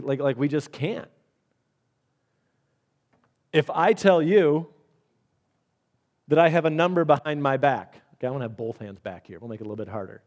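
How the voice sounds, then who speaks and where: A pastor with a mid-range, slightly mellow voice delivers a conversational sermon. He reads scripture and explains it through everyday examples, sometimes repeating words.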